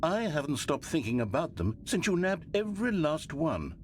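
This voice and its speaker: Casting: a dry, meddling video game narrator with a lively, swooping delivery. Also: male voice, on the high side, normal speed, background noise. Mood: wheedling. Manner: dry, mock-grave storytelling with sudden pleading asides. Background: game music.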